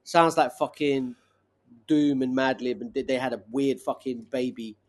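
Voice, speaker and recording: A man's voice: medium pitch, steady tone, moderate pace. Laid-back sweary man in his forties. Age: 40s. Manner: laid-back, sweary street slang, trailing restarts. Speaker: guest rapper. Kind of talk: casual podcast chat.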